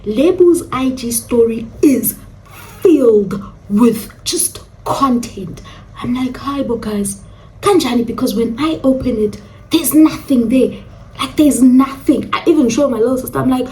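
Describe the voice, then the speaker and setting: A young South African woman telling a storytime vlog, animated and dramatic, slipping into local slang. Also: a little high, a little slow, distant mic. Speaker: storyteller vlogger. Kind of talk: casual storytime monologue.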